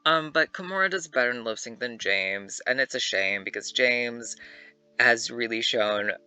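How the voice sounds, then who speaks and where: A young man and YouTuber giving casual, animated commentary to camera, chatty and swearing freely. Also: medium pitch, normal speed, smooth, no echo. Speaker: YouTuber ranking reality-show contestants.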